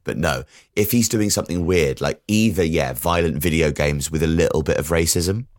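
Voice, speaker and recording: Very deep-voiced man riffing sardonically. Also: no echo, studio quality. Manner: riffing, sardonic, quick jokes. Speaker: podcast co-host. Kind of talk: comedic podcast banter.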